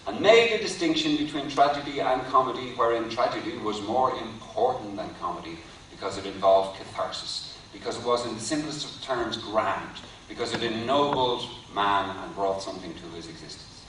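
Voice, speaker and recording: A man's voice: mid-range voice, a bit bright, distant mic, a little hiss or hum. Wry male lecturer in an echoey hall. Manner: wry, deliberate, builds to punchlines. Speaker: university lecturer. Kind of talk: academic lecture with jokes.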